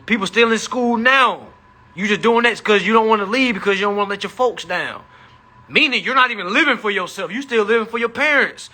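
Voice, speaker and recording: A man's voice: sits high, bright, forceful tone. A man hosting a live stream, talking casually and animatedly, with lots of profanity and a preachy edge.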